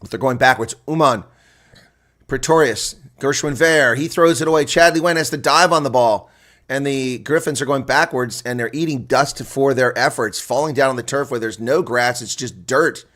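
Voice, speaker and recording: Man, mid-range voice, solo live rugby reaction caller, excitable and chatty. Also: medium pitch, moderate pace. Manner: excitable, exclaiming, chatty asides to viewers. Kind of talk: live reaction play-by-play commentary.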